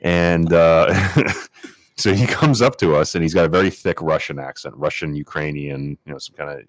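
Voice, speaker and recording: A man co-hosting a podcast, telling a story in casual chat and acting out the people in it with sudden high-pitched quotes. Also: normal speed, no echo. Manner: animated, acts out quotes in a high voice. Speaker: podcast co-host.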